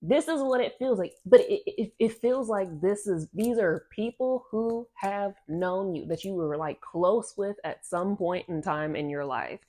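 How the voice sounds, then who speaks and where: A woman's voice: medium pitch, unhurried, few pauses, dark tone. A woman reading oracle cards for her viewers, rambling and repeating herself in casual, slangy talk. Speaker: oracle card reader. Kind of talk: casual channeled card reading.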